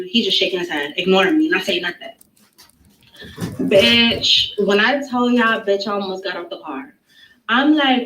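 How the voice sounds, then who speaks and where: A woman telling a personal story in an animated, dramatic and profane way. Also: mid-range voice, moderate pace. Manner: dramatic, breathless, frank and profane. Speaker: storyteller in a played clip. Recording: roomy echo, distant mic, faint noise.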